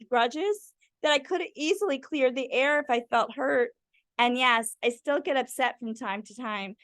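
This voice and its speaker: High-voiced woman reading to kids. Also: fairly bright tone, no room sound, studio quality. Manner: friendly, addressing kids directly. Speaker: storyteller. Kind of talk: reading picture books aloud to children.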